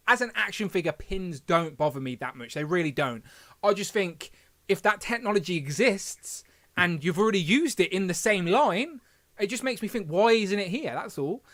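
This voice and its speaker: A man's voice: sits high, pushed and bright. A man hosting a casual livestream, rambling and correcting himself as he reads the chat aloud. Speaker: podcast host.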